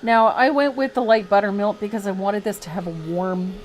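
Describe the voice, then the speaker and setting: A woman hosting a live painting tutorial, chatty and quick to laugh, poking fun at herself as she explains each step. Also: medium pitch, steady tone, a little hiss or hum. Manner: chatty, laughs easily, self-deprecating. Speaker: host and painting teacher.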